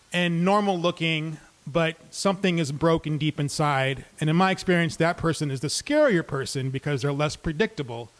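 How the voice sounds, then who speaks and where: A man's voice: on the high side, clean tone. A man telling a true personal story live on stage, talking conversationally and dropping in comic asides.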